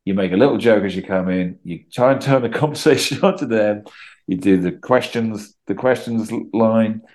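A middle-aged Englishman talking casually as a podcast guest, telling animated stories and acting out quotes. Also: lowish voice, moderate pace. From England. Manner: chatty, animated storytelling with acted-out quotes. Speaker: guest actor.

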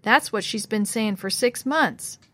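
A woman's voice: fairly high pitch, a little slow, fairly bright tone, dry recording. A woman voicing a discouraged, grumbling boy in a storybook reading. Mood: gloomy. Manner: grumbling, dejected. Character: discouraged poor boy, sullen.

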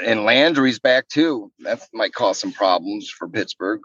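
A man co-hosting a casual sports betting podcast, animated and quick to laugh. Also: lowish voice, no room sound, highs cut off. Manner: animated, laughing, swearing, voices others. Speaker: podcast co-host.

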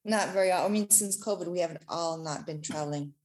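A German woman with a slight German accent appears as a guest in a casual interview, speaking relaxed and hesitantly with fillers. Her voice is on the low side, and she talks fast.

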